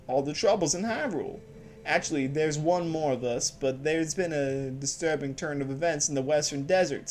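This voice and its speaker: A man voicing a warm, sassy middle-aged barkeep woman who calls everyone honey, in a drawling put-on female voice. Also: a little high, close to an everyday voice.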